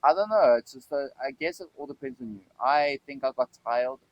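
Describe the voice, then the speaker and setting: A man's voice: mid-range voice, lively intonation, a little fast, dry recording, poor audio. A man from South Africa with a South African accent, chatting casually and rambling a bit, often laughing at himself. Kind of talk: casual chat.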